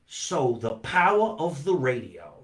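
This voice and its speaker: A man's voice: fairly high pitch, very animated, measured pace, fairly bright tone, roomy sound. A man, a comedian, hosting a casual live stream, chatting animatedly and reading out viewer comments. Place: home basement.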